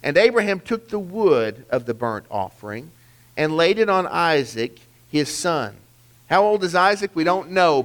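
A man's voice: a little high, a bit bright. A man preaching a sermon, earnest and emphatic, asking rhetorical questions and restarting phrases as he works through the passage. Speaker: pastor.

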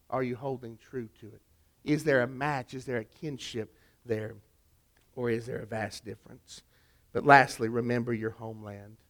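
A middle-aged pastor preaching a sermon, pressing his listeners with rhetorical questions and dropping into quiet storytelling. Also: mid-range voice.

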